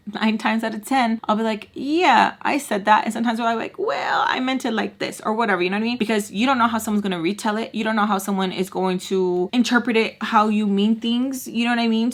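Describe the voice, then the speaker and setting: A young woman sits down to tell her viewers a storytime, talking casually and heatedly. She swears freely, pads every thought with "like" and "you know," and her voice leaps upward whenever she quotes someone in disbelief. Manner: animated, indignant, quotes people with sudden pitch jumps; blunt and profane, lots of fillers like "like" and "you know". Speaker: vlogger telling a story.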